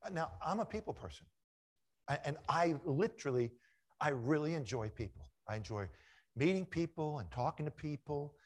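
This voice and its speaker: A middle-aged man preaching a sermon, telling stories and swinging from loud acted lines to quiet asides. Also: on the high side, normal speed. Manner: lively storyteller, shifts from loud acted quotes to hushed asides.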